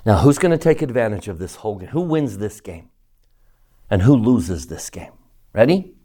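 Animated man teaching a scripture lesson. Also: lowish voice, normal speed. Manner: animated and emphatic, asking rhetorical questions. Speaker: religious teacher. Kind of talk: scripture lesson, reading a picture book aloud.

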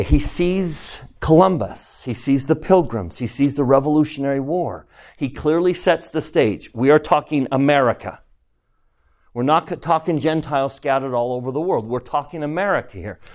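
A man's voice: mid-range voice, a little mellow. A man teaching a scripture class, who keeps asking his students questions and repeats key phrases for emphasis. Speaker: religion teacher.

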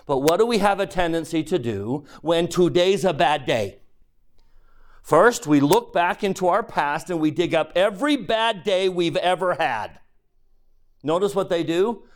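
A man's voice: a little high, lively intonation, normal speed. A man teaching a scripture class, reading verses aloud and quizzing his listeners.

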